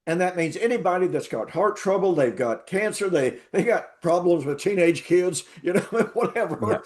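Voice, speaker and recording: This is a man speaking as a guest in a conversational interview. His voice sits somewhat high for a man. He tells his story emphatically and repeats words to drive a point home. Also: animated, moderate pace. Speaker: interview guest, Bible teacher.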